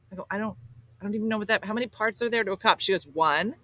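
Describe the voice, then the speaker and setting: A woman's voice: mid-range voice, very fast, a little hiss or hum, poor audio. A woman from South Jersey hosting a morning show, telling a story and acting out the voices of the people in it. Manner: animated, acts out quoted voices. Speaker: host. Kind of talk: casual comedic storytelling.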